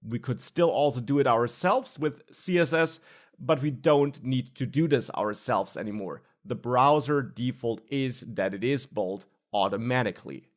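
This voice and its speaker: A man's voice: mid-range voice, moderate pace. A man teaching a screen-recorded web coding tutorial, explaining step by step with stressed key words. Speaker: coding instructor.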